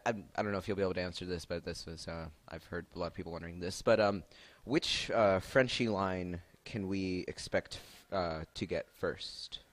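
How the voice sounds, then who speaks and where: A man hosting a casual Q&A on his stream, rambling with many fillers and laughs. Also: low-pitched. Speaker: stream host asking questions.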